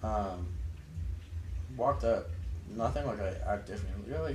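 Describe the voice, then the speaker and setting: A man's voice: fairly low pitch, normal speed, echoey room, distant mic, a little hiss or hum, poor audio. A young man chatting casually as an interview guest, rambling and filling his talk with "like". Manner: relaxed, rambling, heavy use of "like". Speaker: interview guest, fraternity member.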